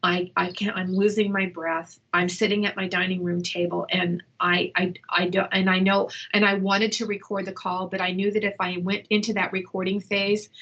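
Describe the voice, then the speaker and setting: A middle-aged woman speaking at home in an interview, giving a halting, emotional personal account with many restarts, shaken and upset. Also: on the low side, creaky, fairly bright tone, breathy edge, lo-fi sound. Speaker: interview guest, mother. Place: indoors at home.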